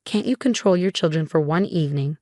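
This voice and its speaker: A woman voicing a snobbish adult sister-in-law whose lines are shrill and scornful. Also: fairly quick, darkish tone, no room sound, studio quality, close to an everyday voice. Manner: scornful, complaining.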